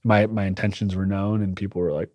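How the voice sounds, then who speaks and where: A young man casually telling a rambling, animated story as a podcast guest, swearing now and then. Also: low voice, quick pace, dry recording. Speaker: podcast guest, cannabis shop owner.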